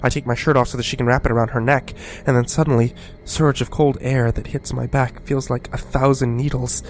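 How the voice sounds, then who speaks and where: A man narrating a first-person horror story in a scripted, hushed delivery. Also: mid-range voice, little pitch movement, brisk.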